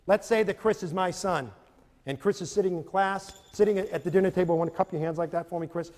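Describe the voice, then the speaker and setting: A man's voice: sits high, fast talker. A man giving a motivational lecture to parents and teachers, telling stories animatedly and acting out scenes. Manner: animated storytelling, acts out scenes with audience volunteers. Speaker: speaker on self-esteem for parents and teachers. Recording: long reverb of a large hall.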